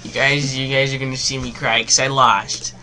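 A young man giving rambling live commentary on his own game, full of fillers, sliding between glum mutters and excited yells. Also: medium pitch, normal speed. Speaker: gaming commentator.

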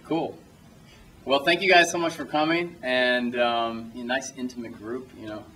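A man's voice: mid-range voice, fairly even intonation, normal speed, sharp tone, recorded from a distance, slight background noise, low-quality recording. A young man answering audience questions after a film screening, telling loose anecdotes, restarting sentences and laughing often. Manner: rambling, self-interrupting, laughs often. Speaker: filmmaker at a screening Q&A. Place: cinema auditorium, small audience.

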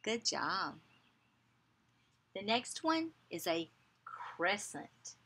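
Slow, breathy woman teaching young children. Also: medium pitch, very animated, bright, forceful tone. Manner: slow, encouraging, repeats words for children to echo. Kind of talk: children's lesson, call and response.

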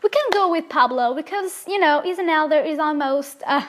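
A young woman of Korean native tongue, hosting a life-sim let's play with excitable, gushing commentary full of fillers. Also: high voice, fairly quick. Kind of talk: casual gameplay commentary.

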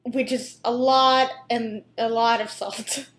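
A woman's voice: a little high, steady tone, slow pace, fairly bright tone, a little hiss or hum. Young woman rambling and giggling, reacting to clips, roomy echo. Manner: chatty, giggly, lots of fillers and restarts. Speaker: reaction video host. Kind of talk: casual reaction commentary.

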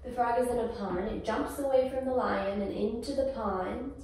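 Woman, gentle toddler-yoga teacher, sing-song, higher voice, recorded far off in an echoey room. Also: normal speed, slight background noise. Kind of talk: toddler yoga class instruction.

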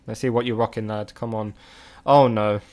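A man's voice: fairly low pitch, steady tone, normal speed, darkish tone. Exasperated man commentating a game. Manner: exasperated, swearing, exclamatory outbursts. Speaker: gaming video creator. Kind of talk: live gameplay commentary to chat.

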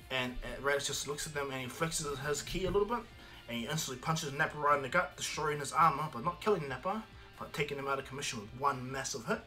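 A man's voice: on the high side, lively intonation, fast talker, pushed and bright, soft background music. A man casually telling a homemade fan story, rambling with many restarts and fillers. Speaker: fan storyteller, channel host.

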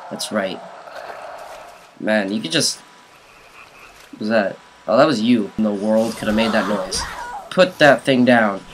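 Young male YouTuber, let's play commentary, jokey and excitable, shouty, slight noise on the recording. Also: lowish voice, measured pace, pauses often, low-quality recording. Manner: excitable, yelling at enemies, jokey asides. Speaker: gaming YouTuber.

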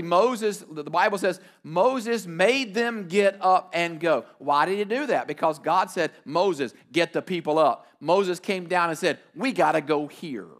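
A man's voice: sits high, fairly bright tone. A middle-aged man preaching a sermon as pastor, emphatic and repeating his key phrases.

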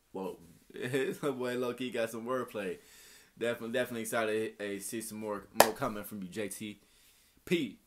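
A man with a mild Texan accent, hosting a reaction video in energetic casual talk, saying "y'all" constantly and hyping up the track. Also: lowish voice, moderate pace, a little hiss or hum. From Texas. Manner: energetic, says "y'all" constantly, chuckles often, hypes up the track. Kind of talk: hyped casual reaction commentary.

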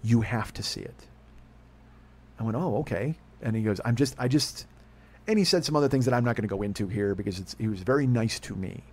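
A middle-aged man hosting a podcast, telling a rambling, profane story with excitement and acting out the dialogue. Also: mid-range voice, fast talker. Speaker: podcast host. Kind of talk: casual monologue storytelling.

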